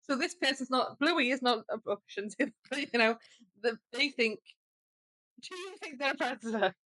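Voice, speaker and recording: High-voiced teasing woman podcaster. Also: animated, a little slow, sharp tone, no echo. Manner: teasing, probing questions. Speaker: podcast co-host. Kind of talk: casual chat.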